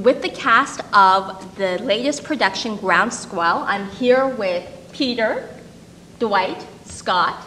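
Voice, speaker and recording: Bright-voiced woman interviewing in a hall. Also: medium pitch, a little hiss or hum. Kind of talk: casual interview. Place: theatre rehearsal hall. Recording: reverberant hall, mic at a distance.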